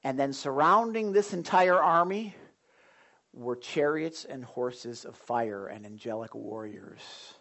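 A pastor preaching a sermon, retelling a Bible story in a rambling, animated way. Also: male voice, mid-range voice, takes it slowly, gravelly.

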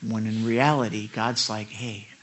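A middle-aged pastor preaches with a bright, ringing tone and lively swings from booming emphasis to hushed confessions. He talks candidly and pokes fun at himself, keeping the sermon personal and animated. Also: moderate pace, slight background noise. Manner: animated, candid, self-deprecating, swinging loud to soft.

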